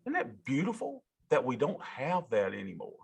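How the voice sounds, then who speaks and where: A man lecturing a college class, animated and folksy, talking straight to his students in a classroom. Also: medium pitch, moderate pace, creaky, slightly rough. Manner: animated, talks to students directly, folksy asides. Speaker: college instructor.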